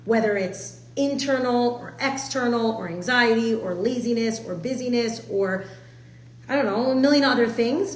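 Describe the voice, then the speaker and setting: Woman, 30s, warm casual teacher, talks fast with lots of fillers; a bit high-pitched; roomy echo. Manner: chatty and animated, full of fillers and acted-out quotes. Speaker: Torah class teacher. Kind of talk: casual spoken lesson.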